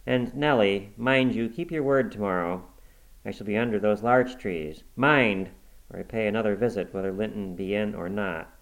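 A man reading aloud, voicing a brooding, passionate man in a low, intense, urgent manner. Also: normal speed, vocal fry, poor audio. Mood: stern.

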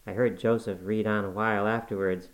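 A man's voice: on the low side, flat delivery, a little fast, low-quality recording. Man narrating a classic novel. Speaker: audiobook reader. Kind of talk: scripted narration.

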